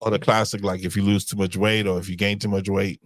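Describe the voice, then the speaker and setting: Low-voiced man, rambling podcast chat. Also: flat delivery, fast talker, no echo. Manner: rambling, searches for words, acts out dialogue. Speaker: podcast co-host. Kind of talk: casual chat.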